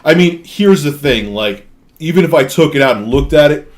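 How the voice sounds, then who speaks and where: A man's voice: a little high, lively intonation, normal speed. Rambling, cussing male streamer. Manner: rambling, profane storytelling with many restarts. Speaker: live streamer. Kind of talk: casual live-stream chat.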